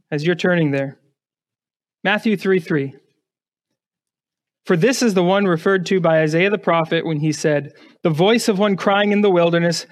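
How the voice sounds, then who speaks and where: A male pastor preaching an emphatic sermon, putting rhetorical questions to his congregation and often repeating words as he starts a phrase. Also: high-pitched.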